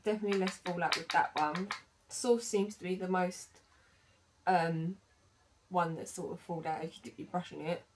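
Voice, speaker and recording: A woman's voice: on the low side, steady tone, moderate pace, slight background noise. A woman chatting casually through a makeup demo, with lots of fillers and self-corrections. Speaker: beauty vlogger. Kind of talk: makeup tutorial chat.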